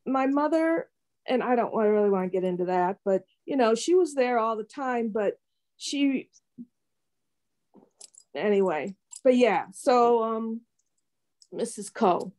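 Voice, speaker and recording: A woman's voice: fairly high pitch, expressive, unhurried, pauses often, darkish tone. A woman in her sixties sharing a personal testimony with a Bible study group, rambling and heartfelt with many fillers. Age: 60s.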